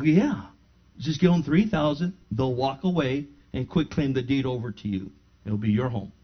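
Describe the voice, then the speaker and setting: Middle-aged pastor telling a testimony. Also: male voice, medium pitch. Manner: animated storyteller who acts out both sides of a dialogue. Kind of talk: sermon with personal testimony. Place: his own home living room. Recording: slightly dull lo-fi sound.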